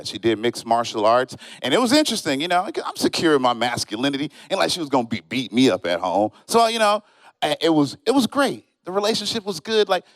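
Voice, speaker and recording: A male stand-up comedian tells stories on a comedy stage, switching into different voices for his friends and for strangers. His voice sits somewhat high and moves all over the place. The sound is close and dry. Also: dry recording. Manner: animated storytelling, acts out friends and strangers in quoted voices. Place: comedy show stage, live audience.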